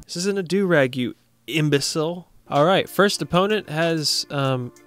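A man's voice: a little high, unhurried. Young guy yapping over his soccer game, jokey and hyped, bit of music in the back. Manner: jokey, excitable, talks to viewers. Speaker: gaming YouTuber. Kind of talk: casual gameplay commentary.

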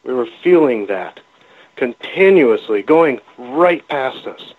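Male radio guest calling in by phone; rambling, halting storyteller; thin, phone-like sound. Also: medium pitch, animated. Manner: rambling, halting, with many restarts. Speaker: guest, cryptid researcher. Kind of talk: casual storytelling interview. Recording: phone-line call-in audio.

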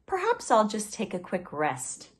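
A woman voicing a sweet, gentle male pangolin who speaks softly. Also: mid-range voice, wildly swooping pitch, measured pace, husky, full character voice.

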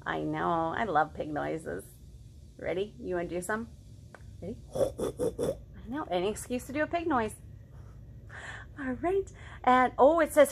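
A woman in her thirties leading a children's storytime, reading picture books aloud, singing farm songs and making animal sounds in an animated, sing-song way. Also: mid-range voice, measured pace, creaky, pauses often, breathy edge.

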